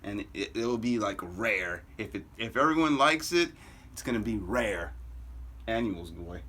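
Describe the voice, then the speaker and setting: A man reading comics aloud, dropping low, offhand asides between panels. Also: expressive, unhurried, sharp tone, slightly rough. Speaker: comic book reader. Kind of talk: casual comic read-aloud commentary.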